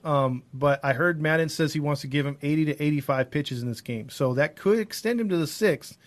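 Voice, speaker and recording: A man's voice: on the high side, a little fast. A man co-hosting a casual baseball podcast, enthusiastic and opinionated, who keeps the talk moving with questions and jokes. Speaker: sports podcast co-host.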